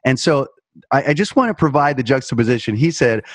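A man's voice: mid-range voice, expressive, fairly quick, no room sound. A man in his thirties hosting a podcast, reviewing a movie in a wry, joking tone, with fillers. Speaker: podcast host. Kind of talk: casual movie review chat.

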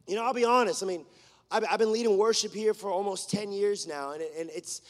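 A man who leads worship, preaching a sermon in an earnest way that swings between fervent declarations and hushed storytelling. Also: sits high, fast talker, long reverb tail. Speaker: worship leader. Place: church.

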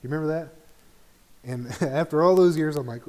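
A man's voice: a little high, moderate pace, dark tone. A middle-aged man teaching an informal Bible study in a conversational way, often checking in with the group.

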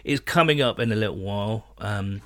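A man hosting a podcast, chatting casually and filling pauses with "um" and "uh". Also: fairly low pitch. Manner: relaxed, chatty, frequent fillers. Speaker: podcast host.

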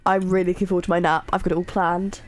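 A woman's voice: lowish voice, flat delivery, very fast. A young woman in her twenties co-hosting a casual student radio show, cheeky and wry. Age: young adult. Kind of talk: casual chat.

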